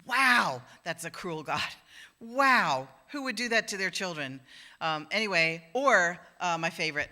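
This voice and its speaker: A woman minister preaching in a church with a bright, clear tone. Her sermon is loose and conversational, and she slips into the voices of the people she quotes. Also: lowish voice, animated, a little slow. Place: church sanctuary.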